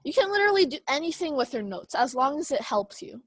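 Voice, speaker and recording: A woman instructing a speech class over a video call, explaining slowly with many fillers and restarts. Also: high-pitched, big pitch swings, dry recording.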